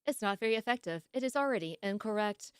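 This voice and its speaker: A woman's voice: mid-range voice, animated, fast talker, clear, resonant tone, no room sound, clean studio sound. A woman streamer in casual live-stream chat, playful and jokey, laughing often and yawning sleepily.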